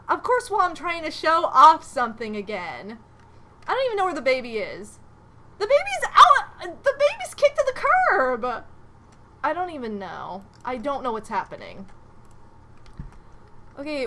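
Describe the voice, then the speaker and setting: A woman doing casual gameplay commentary as a streamer, chatty and prone to loud exasperated outbursts. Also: high-pitched, slight background noise. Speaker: game streamer.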